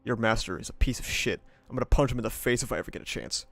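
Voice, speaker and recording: A man's voice: mid-range voice, racing, gravelly, a bit bright, dry recording. A man streaming himself reading a novel aloud, breaking off into casual, profane asides and laughter.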